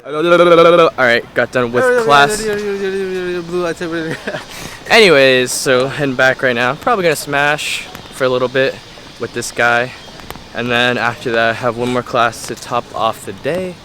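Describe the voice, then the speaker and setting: Young man, college vlogger, casual slangy chat, mid pitch, handheld camera, clear background noise. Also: moderate pace, pushed and bright. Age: young adult. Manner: chatty, laid-back, slangy. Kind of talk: casual vlog narration. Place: around a college campus, indoors and out.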